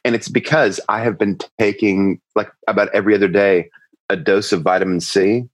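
Teasing low-voiced male co-host. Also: a little fast, dry recording, rough recording. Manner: teasing, deadpan jokes. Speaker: podcast co-host. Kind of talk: casual podcast chat.

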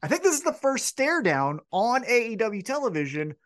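A man in relaxed podcast conversation, chatty and swearing freely. His pitch moves in wide, lively swings as he retells moments. He sounds like a co-host recapping last night's show for a friend. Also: normal speed. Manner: chatty, recaps with acted-out quotes and profanity. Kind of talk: casual wrestling chat.

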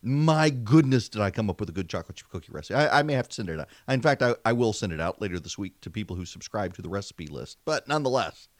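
Animated talk radio host, dry studio sound. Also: male voice, on the low side, fast talker, few pauses, no echo. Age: 40s. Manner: chatty, self-deprecating, animated. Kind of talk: casual political talk radio. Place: home studio, seated at a mic. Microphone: studio microphone.

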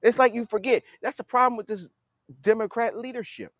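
A man's voice: very high voice, fairly even intonation, a little fast, a bit bright, no room sound. A man hosting a podcast, giving a blunt political commentary monologue and scolding leaders directly as if they were listening. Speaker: podcast host.

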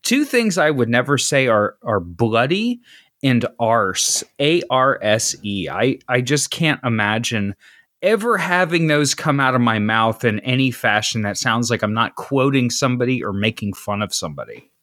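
Animated, rambling American man. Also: medium pitch, normal speed, no echo, clean studio sound. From United States. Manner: rambling, self-deprecating, laughs often. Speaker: podcast co-host. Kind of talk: casual chat.

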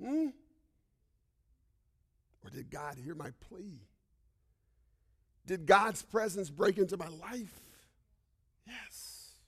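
A male pastor preaching a sermon, telling a personal story with frequent "right?" asides and swings between loud outbursts and hushed whispers. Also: sits high, expressive, extremely slow, long pauses, breathy edge.

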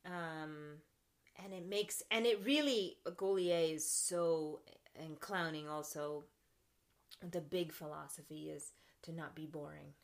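A young woman talking in a casual podcast interview, animated, laughing often and acting out her own thoughts. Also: deep voice, slow pace. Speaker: podcast guest, actress and clown.

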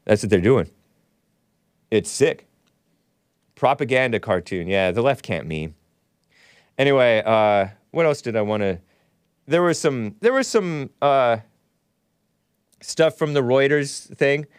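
A man's voice: medium pitch, lively intonation, takes it slowly, pauses often, clear, resonant tone, no room sound, clean studio sound. A man hosting his own podcast, delivering solo political commentary in a combative, sarcastic rant with frequent restarts and self-corrections. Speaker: podcast host.

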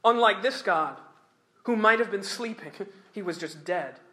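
A male preacher with a high, bright, forceful voice, delivering a sermon. He reads scripture and then drives each point home with emphasis, slowing on the key phrases and chuckling between them.

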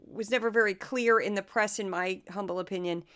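Hoarse chatty woman podcast host. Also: medium pitch, steady tone, a little fast, a bit bright. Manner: chatty, sarcastic, self-deprecating. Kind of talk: casual commentary podcast.

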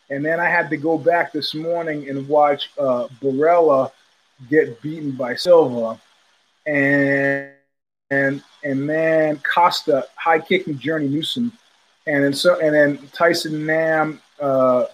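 Rambling older man telling stories. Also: a little high. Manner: rambling, acts out quoted voices. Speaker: podcast host. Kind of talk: casual storytelling chat.

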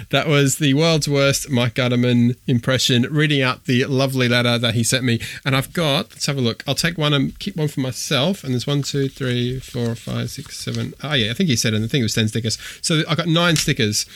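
A man's voice: mid-range voice, quick pace, hardly any pauses, a bit bright, no echo. A man hosting a podcast in casual, rambling chat, with fillers and restarts. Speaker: podcast host.

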